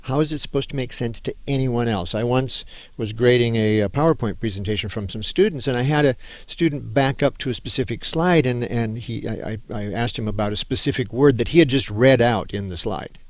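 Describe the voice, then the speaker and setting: A man's voice: medium pitch, a little fast, darkish tone, no room sound. A middle-aged male anthropology professor giving a conversational, emphatic lecture on writing, with fillers and restarts.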